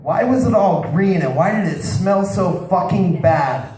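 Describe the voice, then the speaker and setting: A man's voice: sits high, unhurried, a little mellow. A man doing a crude stand-up set in a bar, telling stories and calling out to people in the crowd. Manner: crude, storytelling, talks to the crowd. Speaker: stand-up comedian. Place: bar with live audience. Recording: roomy bar sound, distant mic, crowd noise.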